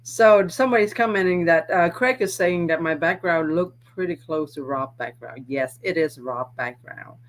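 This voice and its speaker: A woman's voice: fairly low pitch, moderate pace, hardly any pauses. A woman appearing as a guest on a casual livestream, chatting and laughing easily.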